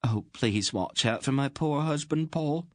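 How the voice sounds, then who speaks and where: A man's voice: mid-range voice, normal speed, no room sound, voice pushed up, close to an everyday voice. A plump little queen, fretful and close to tears, speaks in a raised, pleading voice, as a male audiobook reader puts her on. She sounds small and anxious, and the recording is dry and close. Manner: pleading, emotional. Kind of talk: audiobook character voice.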